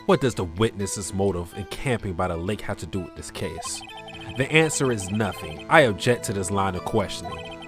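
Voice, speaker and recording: A streamer reading a video game's lines aloud, voicing an arrogant, cold male prosecutor in a lowered, condescending voice. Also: expressive, normal speed, music in the background. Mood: dismissive. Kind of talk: reading game dialogue aloud.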